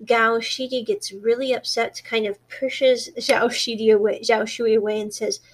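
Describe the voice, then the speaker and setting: A woman's voice: a little high, normal speed. Chatty woman recapping a drama. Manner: chatty, animated storytelling, quiet quoted dialogue. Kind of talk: casual retelling of a drama plot.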